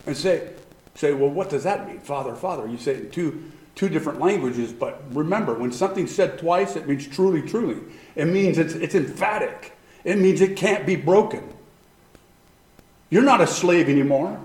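A man preaching a sermon with a fairly high voice that rings out in a roomy, echoing space. He is emphatic, dropping to hushed asides and then rising to loud declarations, repeating words for weight. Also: lively intonation, moderate pace. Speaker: pastor.

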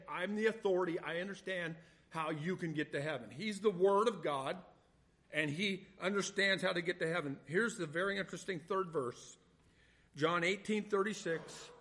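A man preaching a sermon, reading scripture slowly and swinging between loud, stressed points and quiet asides. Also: sits high. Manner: reads scripture slowly and deliberately. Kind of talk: sermon, Bible teaching.

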